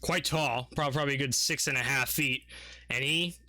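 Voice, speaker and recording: A man's voice: medium pitch, normal speed, pushed and bright, dry recording. A man narrating as dungeon master in a rambling, profane way, full of filler words and laughter. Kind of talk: narrating a tabletop game.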